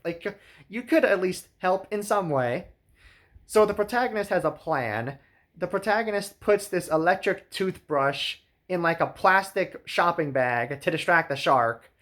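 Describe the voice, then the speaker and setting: A man's voice: on the high side, fairly bright tone. A man giving a sarcastic comedic recap of a film, wry and full of "like" fillers. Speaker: movie reviewer.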